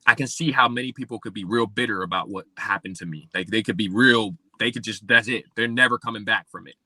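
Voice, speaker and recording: A man from Pennsylvania, a podcast guest telling his life story and acting out remembered dialogue with big swings in pitch. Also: fast talker, pushed and bright, no echo. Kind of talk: personal storytelling in an interview.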